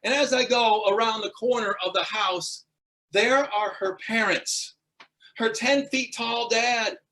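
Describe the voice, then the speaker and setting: A man's voice: extremely high pitch, slow pace. A man telling a humorous true story as a guest speaker at a speaking club, building to punchlines. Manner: animated, punchline-driven storytelling.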